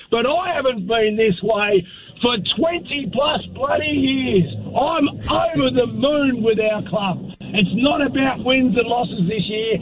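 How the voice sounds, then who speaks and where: A man's voice: very high voice, noisy background. A man from Australia with an Australian accent, calling into a radio show in an upbeat, effusive way. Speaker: caller. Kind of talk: casual phone-in chat. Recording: husky tinny phone line.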